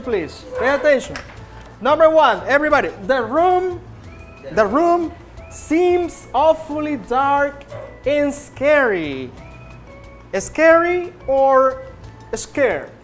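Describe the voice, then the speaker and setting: Slow-talking woman teacher drilling a class. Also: high-pitched, very animated, faint music behind. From Nicaragua. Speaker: English teacher.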